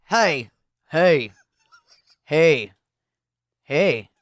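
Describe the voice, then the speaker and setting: A woman voicing a tough male Brooklyn street gang guy with loud, laughing, mock-deep bravado. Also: expressive, drawn-out words, dry recording, studio quality, full character voice. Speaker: podcast co-host.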